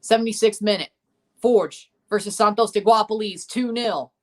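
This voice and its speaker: A man with a high-pitched voice hosts a livestream watchalong of a soccer match, reacting live and answering chat at a moderate pace. He's blunt and opinionated, circling back over the same points again and again.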